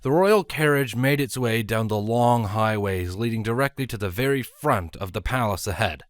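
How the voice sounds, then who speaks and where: A man narrating a fan story in an expressive storytelling manner. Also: on the low side, moderate pace, no room sound, clean studio sound. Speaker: fanfiction reader. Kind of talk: audiobook narration.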